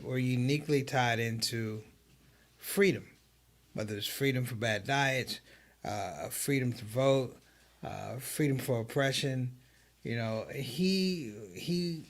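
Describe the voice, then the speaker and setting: A man who is a comedian, a guest on a live online show, telling stories in an animated way and quoting others in a raised voice. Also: mid-range voice. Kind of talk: livestream conversation.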